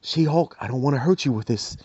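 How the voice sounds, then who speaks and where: A man's voice: mid-range voice, fairly quick, darkish tone, no echo, dull audio, lightly acted. A man voicing a nervous archer hero pleading earnestly.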